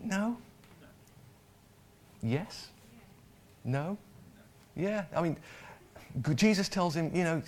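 A man's voice: high-pitched, animated, slow pace, pauses often, a little hiss or hum. A man preaching a sermon in a conversational way, often repeating words and putting questions to the congregation.

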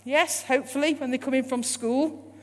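Her voice sits high and steady at a moderate pace as she delivers a sermon in a church hall. Emphatic repetition and rising rhetorical questions aimed at the congregation mark her preaching, and the recording carries long hall reverb plus a faint hum.

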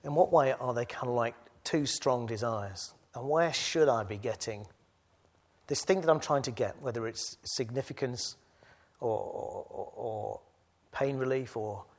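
Man, preacher, sermon, mid-pitched voice, quiet reflection turning to loud exhortation. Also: measured pace. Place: church gathering.

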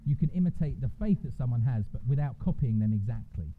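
A man's voice: mid-range voice, lively intonation, fast talker, narrow, tinny audio. A man giving a conversational sermon, informally checking in with his listeners. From England. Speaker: preacher. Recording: noisy church recording.

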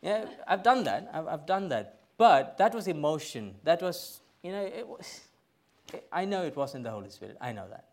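A middle-aged man, a pastor, preaching a sermon in a church, emphatic, swinging from loud bursts to quiet asides. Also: a little high, big pitch swings, moderate pace. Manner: emphatic, rising to loud bursts then dropping soft.

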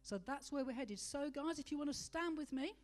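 A woman preaching a sermon, asking rhetorical questions and slowing to stress key words. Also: high-pitched, expressive, darkish tone.

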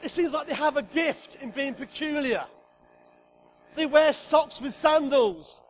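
A middle-aged man with an extremely high, creaky voice preaches a sermon at a measured pace in a church hall. He jokes with the congregation and emphatically acts out God's voice. The recording quality is low.

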